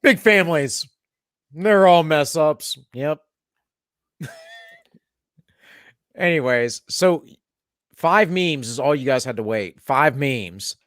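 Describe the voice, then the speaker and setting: A man's voice: mid-range voice, lively intonation, slow, long pauses, a bit bright, no echo, studio quality. A man hosting a casual chat show, joking around and reading viewer messages aloud. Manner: jokey, reads chat aloud. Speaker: podcast host.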